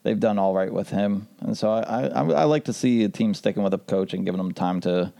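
A man's voice: fairly low pitch, a little fast, vocal fry, mellow. A man hosting a casual sports podcast, upbeat and joking as he leads the talk. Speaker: podcast host.

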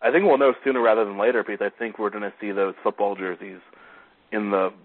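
A man's voice: fairly low pitch, fairly even intonation, fast, no room sound. A man co-hosting a casual sports talk show, chiming in with brief, offhand remarks. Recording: dry, tinny phone-like sound.

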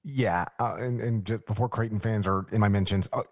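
A man's voice: lowish voice, fairly even intonation, brisk, no room sound. A man co-hosting a podcast, giving blunt, emphatic takes on college basketball games. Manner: blunt, emphatic, repeats words for stress. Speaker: podcast co-host. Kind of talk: casual sports betting chat.

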